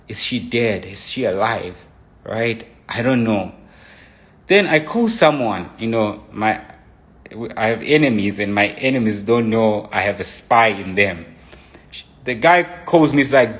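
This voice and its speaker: A man's voice: fairly low pitch, measured pace. A man recounting a painful personal story in an earnest, agitated way. He often restarts phrases and acts out his own texts and thoughts.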